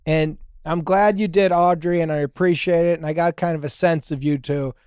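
Comedy podcast co-host, man, high voice, animated, dry close mic. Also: normal speed, clear, resonant tone, no echo. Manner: animated, acts out quotes, swears freely. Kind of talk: casual advice chat.

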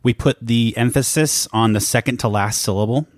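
A man's voice: mid-range voice, normal speed, dry recording, studio quality. A man co-hosting a podcast in casual chat, curious and a little wry, often asking follow-up questions. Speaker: podcast co-host.

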